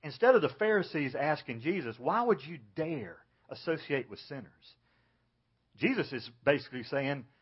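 Husky-voiced man preaching a sermon. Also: expressive, moderate pace, highs cut off. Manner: earnest preaching, dropping low and soft for emphasis. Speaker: pastor.

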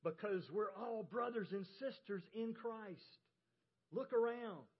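A man's voice: high voice, slow, breathy edge. A man from the American South with a Southern accent, preaching a sermon as pastor and telling folksy stories with emphasis. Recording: dull lo-fi church audio.

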